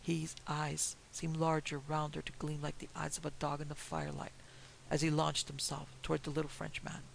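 A man reads a horror story aloud in a measured, even way. His voice is deeply gravelly and sits slightly high, with little rise and fall. A faint hiss runs under the recording. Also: poor audio. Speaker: narrator. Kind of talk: storybook narration of a pulp horror tale.

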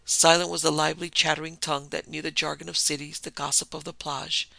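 A man narrating an audiobook in an expressive, measured reading. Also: fairly high pitch, vocal fry, no room sound, poor audio. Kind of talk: scripted narration.

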